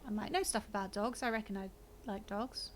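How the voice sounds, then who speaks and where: A woman's voice: mid-range voice, a little fast, background noise. A woman streaming a video game, chatting casually and joking sarcastically at the screen. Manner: playful, giggly, sarcastic. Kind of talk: casual gameplay commentary.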